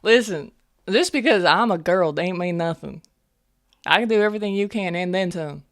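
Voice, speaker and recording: A woman's voice: on the low side, moderate pace, lightly acted. A woman playing a young half-elf army medic in a tabletop role-play, talking in a folksy drawl full of "y'all" and "ain't". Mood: sassy.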